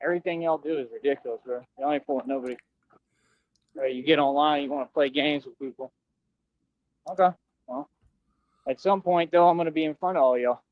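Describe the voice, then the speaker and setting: A man's voice: a little high, brisk, long pauses, no room sound, narrow, tinny audio. A young man ranting on a stream clip, boastful and taunting with lots of slang.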